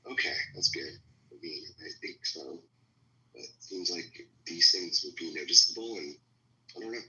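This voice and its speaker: A man from California with a deep voice that swings widely in pitch, talking in a rambling, opinionated way in a casual group chat. His tone is very bright and forward. The recording has an echoey room sound. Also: lively intonation, normal speed. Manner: rambling, opinionated, laughs at own jokes. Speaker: participant in an online audio chat room.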